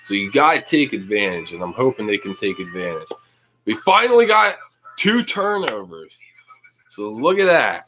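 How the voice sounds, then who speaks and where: A young man hosting a livestream, casually reacting to a live football game, reading chat aloud and yelling at big plays. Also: fairly low pitch, very animated, moderate pace, a little hiss or hum, low-quality recording. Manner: casual, slangy. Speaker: livestream host.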